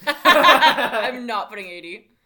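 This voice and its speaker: A woman co-hosting a comedy podcast, reading out quiz questions in a playful, giggly way with deadpan lists. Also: on the high side, takes it slowly. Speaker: podcast co-host, quizmaster. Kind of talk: casual comedic chat.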